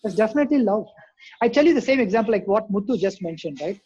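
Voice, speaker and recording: Insistent man, husky, muffled call. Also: high voice, expressive, fast talker, mellow. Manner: firm, insistent. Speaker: discussion participant. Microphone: online call. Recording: dull, muffled online call audio.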